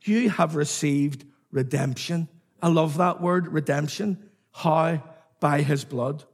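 A man's voice: on the high side, slow, husky. A man preaching a sermon, emphatic and repetitive, calling on the congregation to respond.

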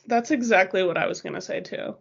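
A woman co-hosting a casual book chat who laughs easily and reads a novel aloud with steady expression. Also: medium pitch, a little fast, vocal fry, breathy edge, lo-fi sound. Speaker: book podcast co-host and reader.

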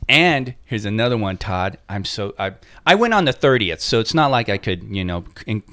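A man co-hosting a casual chat, telling an animated story and acting out what people said. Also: fairly low pitch, normal speed, dry recording. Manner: animated storyteller, acts out quotes.

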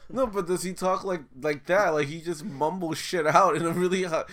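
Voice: mid-range voice, steady tone, moderate pace, fairly bright tone. A podcast co-host in casual chat, asking teasing, curious questions.

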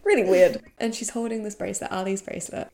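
A woman co-hosting a casual rewatch podcast, her voice carrying a gravelly fry. She recaps scenes in a chatty, amused way, often breaking into laughter. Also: medium pitch, steady tone, quick pace, warm tone. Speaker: podcast co-host.

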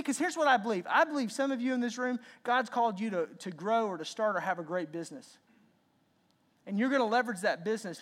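A man preaching a sermon as pastor, animated and repeating words as he acts out lines. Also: high voice.

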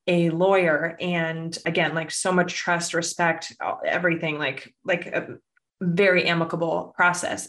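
Middle-aged woman getting teary, lowish voice, talking real open and personal, lots of "like" and "right?". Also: a bit bright. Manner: candid, heartfelt, frequent "like" and "right?". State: fighting back tears, emotional voice. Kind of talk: personal reflective monologue.

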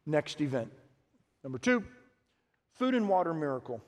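A man with a fairly high voice preaches a sermon, animated and questioning his listeners. He acts out the lines he quotes. His voice rings with the long reverb of a large hall. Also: moderate pace, pauses often. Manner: animated, acting out quotes and asking the congregation questions. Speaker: pastor.

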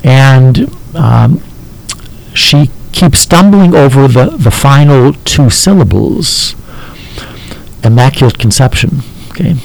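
Slow, halting male teacher. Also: mid-range voice, animated, creaky, poor audio. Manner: halting, checks in with "okay?" often. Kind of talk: explaining a text to a listener.

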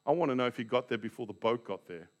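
Animated preacher. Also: male voice, mid-range voice, quick pace. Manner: dramatic storytelling preacher, acts out scenes. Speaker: Baptist pastor. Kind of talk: sermon.

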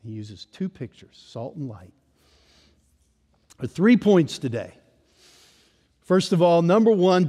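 A male preacher with a high voice delivers a sermon slowly and deliberately. He leans hard on key words, then lets his phrases fall quiet. The sound rings with the long reverb of a church hall. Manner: emphatic, drops to a hush at phrase ends.

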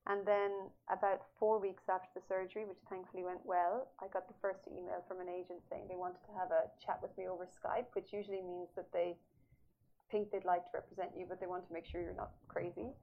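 A woman's voice: on the low side, level tone, fairly quick. A woman author as an interview guest, telling her story animatedly and laughing often. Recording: slightly dull audio with faint noise.

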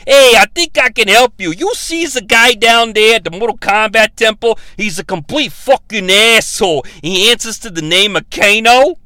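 A man voicing a gruff masked male villain with a Brooklyn accent and wise-guy talk. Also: high-pitched, normal speed, hardly any pauses, pushed and bright, no echo, voice pushed up. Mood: scheming.

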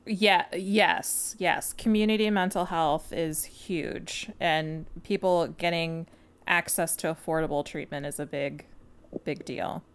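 A woman hosting an interview, asking gentle, measured questions. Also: fairly low pitch, steady tone, clean tone. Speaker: interview host. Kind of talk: casual interview.

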